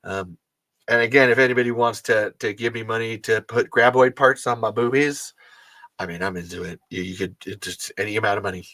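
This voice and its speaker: A man's voice: brisk, pushed and bright, no room sound. A man hosting a casual livestream, rambling and joking with his viewers. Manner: rambling, jokey, swings into high squeals. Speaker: podcast host.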